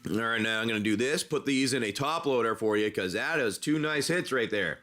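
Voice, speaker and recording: A man's voice: mid-range voice, a little fast, bright, forceful tone. A man hosting a casual livestream, chatting as he opens card packs and rambling through an improvised adventure story. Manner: rambling, chatty, talks while handling cards.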